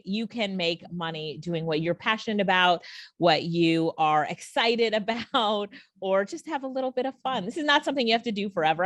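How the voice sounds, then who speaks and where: A woman's voice: mid-range voice, a bit bright, no room sound, studio quality. A woman hosting a casual online training, reacting with laughter and enthusiasm. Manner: enthusiastic, laughs often, asks the viewer questions.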